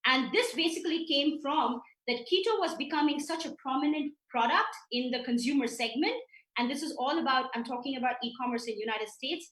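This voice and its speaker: Woman presenter, high voice, echoey room, explains in lists, restarts often. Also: fairly bright tone. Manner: explanatory, builds points in lists with frequent restarts. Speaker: company founder presenting in a webinar. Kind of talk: webinar presentation over slides.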